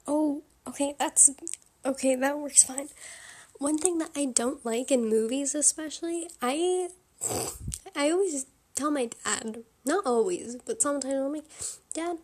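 A woman's voice: high-pitched, unhurried, darkish tone. A young woman hosting a solo podcast, talking in a frank, opinionated, casual way with lots of fillers and laughs. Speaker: podcast host.

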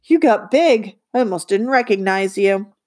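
A woman reading an audiobook, voicing a grown man with a loud, hearty greeting who is secretly nervous. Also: mid-range voice, expressive, normal speed, close to an everyday voice.

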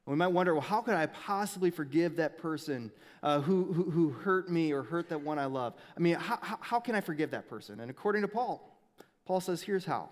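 A man's voice: on the high side, expressive, fairly quick. A man preaching a sermon as a pastor, telling a candid personal story with frequent restarts and stumbles. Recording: long hall reverb.

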